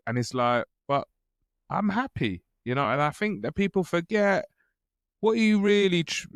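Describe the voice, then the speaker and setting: A man's voice: high voice, animated, normal speed, clean tone, dry recording, clean studio sound. A man, a stand-up comedian guest, chatting casually and telling self-mocking jokes. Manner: laid-back, joking, self-mocking. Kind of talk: casual podcast chat.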